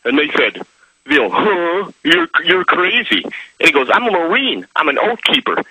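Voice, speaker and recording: A man's voice: fairly high pitch, very animated, moderate pace, sharp tone, dry recording. A man from Minnesota calling in to a radio show, eager and rambling as he tells a story. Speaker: caller. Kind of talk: excited phone-in call. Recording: husky phone line.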